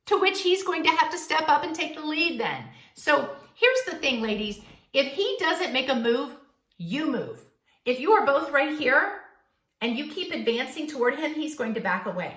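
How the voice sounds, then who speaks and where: Brief: woman dating coach, bright forceful voice, slightly high, echoey room, playful coaching delivery. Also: normal speed. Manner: animated, playful, coaching tone with acted-out lines. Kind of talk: direct-to-camera advice vlog.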